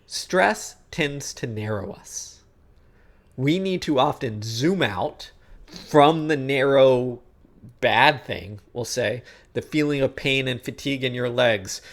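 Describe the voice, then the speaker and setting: A man coaching athletes in an instructional talk, explaining ideas conversationally and checking in with the listener often. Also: medium pitch. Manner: conversational, checks in with frequent "okay?" and "guess what?"; acts out inner thoughts in quoted asides. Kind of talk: instructional talk on sports psychology.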